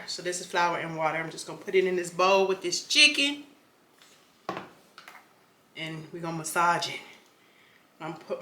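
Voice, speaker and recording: A bright, forceful woman talks her way through a home cooking vlog, joking and calling her viewers y'all. Her voice bounces around a roomy, echoey kitchen. A faint hum of background noise sits under everything. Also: mid-range voice. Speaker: home cook vlogger.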